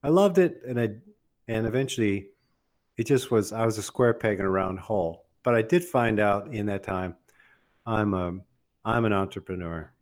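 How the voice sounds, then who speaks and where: An older man telling a funny personal story in an animated, casual way, often laughing and acting out what others said. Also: fairly low pitch, normal speed. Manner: laughs often while telling, acts out quoted voices.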